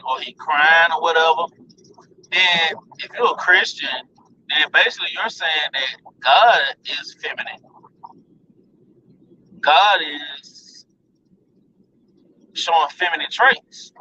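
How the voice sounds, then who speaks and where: A man's voice: fairly high pitch, bright, forceful tone, recorded from a distance, muffled recording, slight background noise. A man ranting bluntly and profanely to his viewers in a casual vlog. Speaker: vlogger.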